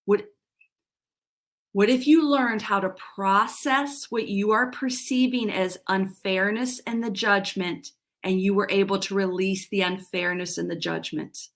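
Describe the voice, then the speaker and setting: A woman's voice: medium pitch, fairly even intonation, a little slow. A middle-aged woman giving a live-streamed coaching talk, earnest and self-deprecating, often restarting her sentences. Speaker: life coach.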